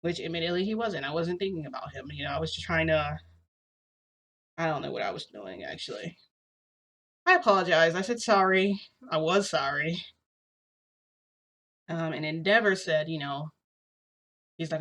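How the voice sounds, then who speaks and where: A woman with a somewhat low voice tells a personal story to her viewers. She talks casually and loosely, filling her sentences with "like" and "you know". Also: lively intonation, normal speed, pauses often, fairly bright tone. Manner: rambling, full of "like" and "you know". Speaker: vlogger.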